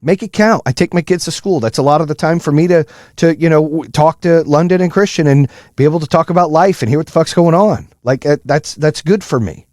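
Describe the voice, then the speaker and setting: A man hosting a podcast, giving an intense, profane motivational monologue in a high-strung, high-energy way. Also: darkish tone, no echo, clean studio sound. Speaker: podcast host.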